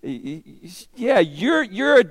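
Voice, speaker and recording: A man's voice: high-pitched, sing-song, slow pace, long reverb tail, voice pushed up, exaggerated voice. A man voicing accusing bystanders who stammer as they point someone out. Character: accusing bystanders, grown men and women.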